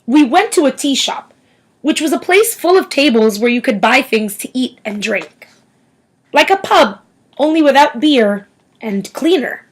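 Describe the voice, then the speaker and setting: A woman reading a novel aloud as expressive storytelling. Her voice sits a little high and rises and falls in a lively way. She brings the narration along with plenty of movement in her tone. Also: a little slow, rough recording. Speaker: audiobook reader.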